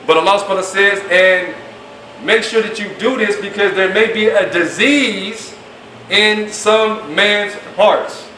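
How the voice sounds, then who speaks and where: High-voiced man lecturing in an echoey room. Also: measured pace, pushed and bright. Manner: emphatic, colloquial, acts out quoted speech. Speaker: Islamic class teacher. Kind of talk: classroom lecture. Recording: echoey room, mic at a distance, faint noise.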